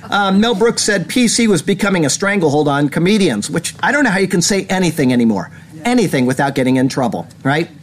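A man's voice: a little high, fast talker. A man hosting a casual commentary show, rambling and retelling stories with laughs. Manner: rambling, animated storytelling with laughs. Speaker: host.

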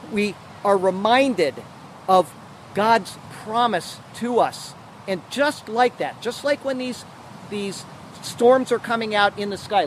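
A man's voice: sits high, a little hiss or hum, rough recording. A man, a pastor, giving an earnest and emphatic sermon outdoors. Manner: earnest, emphatic preaching with restarts.

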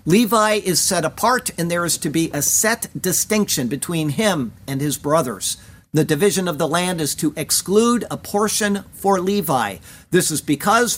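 A man's voice: a little high, a bit bright. A man teaching a Bible passage verse by verse, earnest and emphatic, reading Hebrew words aloud.

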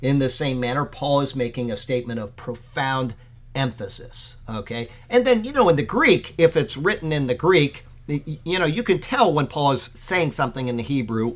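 A man, a pastor, giving an informal Bible commentary in a conversational way, with many fillers, getting excited as he talks. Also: medium pitch, brisk.

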